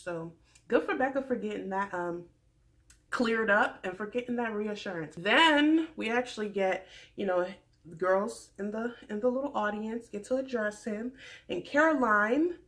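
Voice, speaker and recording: Woman, mid-pitched voice, casual vlog host giving opinionated recaps, animated with sudden loud and quiet turns. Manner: animated, swings between loud emphasis and quiet asides; chatty, addresses viewers as y'all. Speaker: reality TV recap vlogger.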